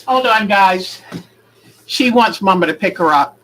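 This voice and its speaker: A woman's voice: mid-range voice, expressive, a little slow, fairly bright tone, a little hiss or hum, low-quality recording. A woman at home showing her quilting work in a casual, rambling way, thinking aloud as she goes. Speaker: quilting vlogger. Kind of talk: casual craft demonstration.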